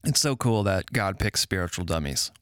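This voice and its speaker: A man's voice: low-pitched, lively intonation, normal speed, fairly bright tone, dry recording, clean studio sound. A man hosting a podcast, asking questions and teasing in an upbeat casual chat. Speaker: podcast host.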